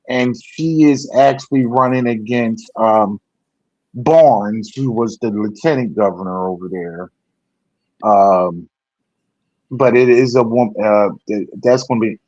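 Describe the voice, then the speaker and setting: A man co-hosting a political talk show, rambling in casual discussion and correcting himself often, growing animated when he makes a point. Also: medium pitch, slow, no echo. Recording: dull lo-fi sound.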